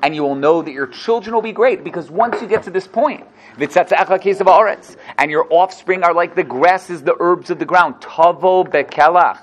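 Male teacher with a higher-pitched voice. He reads verses aloud, then explains them briskly. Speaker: Torah teacher. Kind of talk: animated text-study class.

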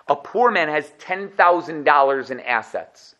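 A man leads a Talmud class in an animated lecturing style, repeating key points and asking rhetorical questions. His voice sits a little high. The recording sounds dull and lo-fi. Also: a little slow. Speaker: Torah teacher.

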